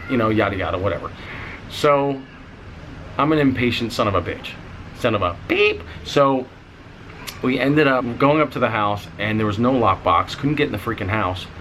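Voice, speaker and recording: A young man casually telling a story on his vlog, animated, swearing freely and going higher when he gets excited. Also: slight background noise, rough recording. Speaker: vlogger.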